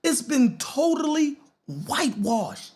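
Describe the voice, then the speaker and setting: A man's voice: extremely high pitch, very animated, slow, darkish tone. A man with a Baltimore accent hosting a podcast in a casual commentary style, who keeps asking his listeners "right?". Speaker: podcast host.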